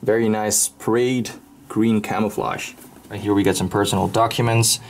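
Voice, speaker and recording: This collector and channel host is Dutch and speaks with a Dutch accent as he eagerly shows off his home collection room, going from item to item. His lowish voice stays fairly even at a moderate pace, with slight background noise.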